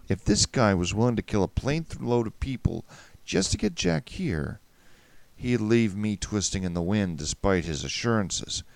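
A man narrating a first-person story in a wry, measured way. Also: deep voice, gravelly, dry recording.

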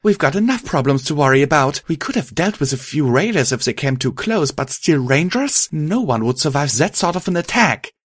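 A man's voice: mid-range voice, moderate pace, no room sound, voice pushed up, lightly acted. A kindly but frazzled pony mare who runs a small town's clinic and worries aloud, as a man reads her part. She talks in a lifted, strained voice that tips easily into alarm. It is a dry, close audiobook reading. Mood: angry. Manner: anxious, emotional outbursts. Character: kindly stressed mare, town nurse and mayor.

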